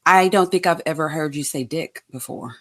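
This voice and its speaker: A woman co-hosting a podcast, chatting casually about reality TV with teasing remarks and quick agreement. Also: low voice. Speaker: podcast co-host. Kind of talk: casual reality TV recap chat.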